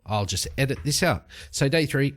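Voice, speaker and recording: A man's voice: mid-range voice, lively intonation, normal speed, fairly bright tone. A man hosting a solo tabletop game, narrating the story and musing aloud as he checks tables and rolls dice. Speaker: host and solo game player.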